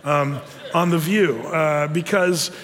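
A man preaching a sermon in a chatty, animated way, full of fillers and asides. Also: on the high side, slow pace, in a large hall. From United States. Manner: conversational, animated with frequent fillers. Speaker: pastor.

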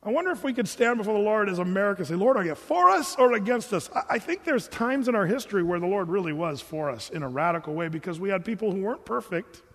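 This male preacher talks quickly with few pauses, his high voice filling a big hall. He keeps the sermon lively and conversational, imitating his congregation's remarks in playful voices.

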